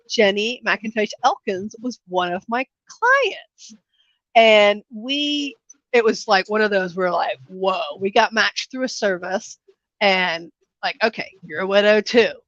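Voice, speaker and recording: A woman in her fifties, a life coach telling her story as a podcast guest in an animated way, acting out the voices of others. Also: medium pitch, slow, no echo. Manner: animated, acts out quoted voices. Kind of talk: conversational interview storytelling. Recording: dull, dry podcast audio.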